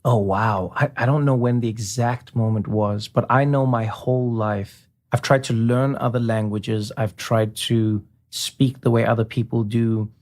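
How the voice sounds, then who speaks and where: A man with a mid-range voice, talking as an interview guest. He tells stories animatedly, jumping into quick impressions of the people he describes. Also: medium pitch, steady tone, darkish tone. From South Africa. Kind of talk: conversational storytelling.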